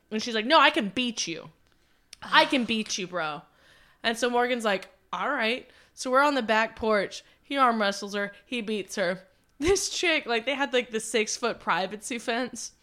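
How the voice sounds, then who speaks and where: Woman, twenties, podcast co-host, animated swearing storyteller, bright tone. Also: on the high side, moderate pace. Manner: rambling, profane, animated storyteller. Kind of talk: casual storytelling chat.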